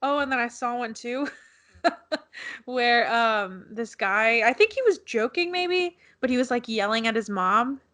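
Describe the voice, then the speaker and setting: Giggly young woman, a bit high. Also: animated, unhurried, pushed and bright. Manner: teasing and laughing often. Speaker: co-host. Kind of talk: casual podcast chat.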